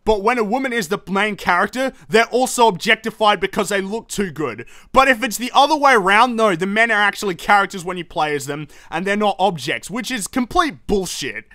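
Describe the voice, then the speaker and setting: A man's voice: sits high, expressive, brisk, hardly any pauses, sharp tone, no echo, clean studio sound. A young man hosting a gaming news show, ranting in a heated, profane, exasperated way about the games industry. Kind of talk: opinionated commentary rant.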